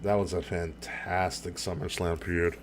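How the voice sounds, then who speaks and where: A man with a fairly low voice co-hosts a casual podcast. He talks in excited, rambling bursts, swears freely and breaks into laughter often. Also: unhurried, a little hiss or hum. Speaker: podcast co-host. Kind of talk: casual chat.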